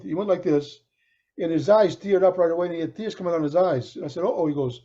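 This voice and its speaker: A middle-aged man with a warm, mellow voice pitched a little high tells a long anecdote in an easygoing podcast chat. He acts out the people in his story as he goes. The recording is dull and lo-fi. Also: quick pace. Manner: animated storyteller acting out quoted voices, with frequent restarts. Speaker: podcast co-host.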